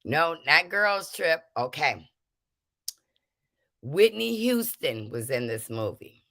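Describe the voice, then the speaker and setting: A woman hosting a casual livestream movie quiz, animated and often laughing. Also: low voice, no echo, clean studio sound. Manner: animated, laughing, drawn-out speech.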